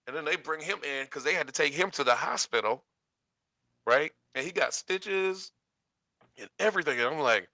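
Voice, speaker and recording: A man telling a long personal story in casual chat, animated and acting out the quotes with laughs. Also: mid-range voice, fairly quick, dry recording.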